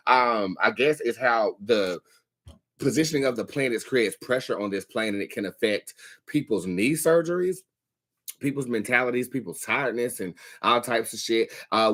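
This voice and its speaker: A man's voice: mid-range voice, fairly bright tone. A young man hosting a tarot livestream, chatting casually with viewers in a candid, profane way.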